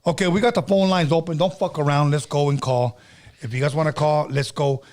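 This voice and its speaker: A middle-aged man hosting a casual late-night call-in show, loud, pushy and profane. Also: fairly high pitch, fairly even intonation, a little fast. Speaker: host. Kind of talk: casual radio show chat.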